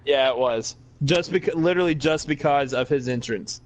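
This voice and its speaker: A man's voice: mid-range voice, normal speed, poor audio. Young man, podcast co-host, casual chat, dry teasing humor.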